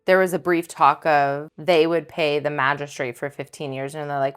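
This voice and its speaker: Low-voiced sarcastic woman chiming in. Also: little pitch movement, clean tone. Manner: sarcastic, chiming in with quick reactions. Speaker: podcast co-host. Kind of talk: casual book discussion.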